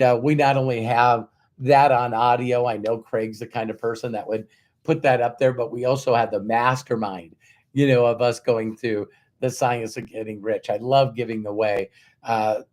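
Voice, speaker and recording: A man's voice: mid-range voice, steady tone, moderate pace, a little mellow. Emphatic male motivational speaker. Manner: emphatic, repeats words for stress, acts out quoted dialogue; conversational with frequent fillers and rhetorical questions. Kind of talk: motivational talk with storytelling.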